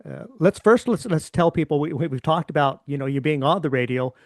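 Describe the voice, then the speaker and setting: A man's voice: on the high side, a little fast, dry recording. A man hosts a conversational interview, thinking aloud and repeating words as he goes. His voice sounds dry and close, with no room around it. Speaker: podcast host.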